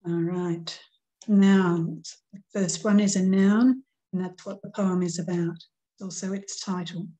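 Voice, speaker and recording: Middle-aged lady teacher, slow and patient, soft mellow voice, counts stuff out step by step. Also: on the low side, fairly even intonation, rough recording. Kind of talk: recorded grammar lesson.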